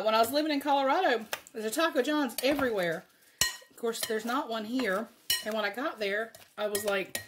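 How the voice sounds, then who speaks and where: A woman's voice: on the high side, normal speed, background noise. A woman with a Southern accent hosting a casual cooking video in her home kitchen, chatty and folksy, laughing often. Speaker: cooking channel host.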